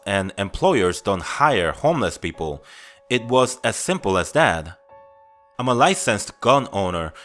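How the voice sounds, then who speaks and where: A man reading first-person scary stories aloud in a steady, grim, confessional storytelling manner. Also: fairly low pitch.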